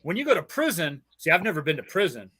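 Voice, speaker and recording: Socal dude telling wild stories, lots of swearing and laughing, bright kinda high voice. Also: male voice, sing-song, fast talker, slightly rough. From Southern California. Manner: profane, rambling, laughs often. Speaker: podcast host. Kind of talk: casual storytelling chat.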